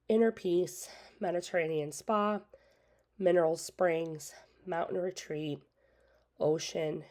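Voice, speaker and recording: Low-voiced chatty woman reviewing scents. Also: darkish tone. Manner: chatty, opinionated, lots of "like" and "so". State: talking around a cough drop in her mouth. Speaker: independent scent consultant and channel host. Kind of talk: casual catalog walkthrough.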